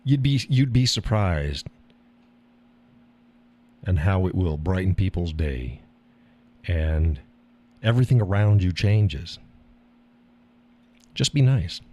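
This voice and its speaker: A man's voice: low voice, big pitch swings, slow pace, long pauses, darkish tone. A middle-aged man hosting a live stream, talking bluntly with profanity and frequent laughter. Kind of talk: casual monologue. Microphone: audio call or stream mic.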